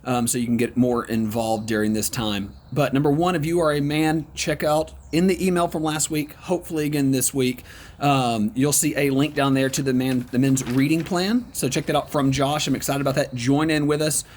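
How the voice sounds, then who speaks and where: A man leading an online Bible study lesson in a conversational, encouraging way, with frequent ums and pauses. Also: medium pitch, fairly even intonation, darkish tone, a little hiss or hum.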